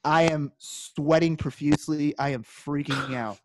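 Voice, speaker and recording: Man, podcast co-host, casual storytelling, animated, raised pitch, dry close sound. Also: a little slow, no room sound. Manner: animated, acts out quoted dialogue.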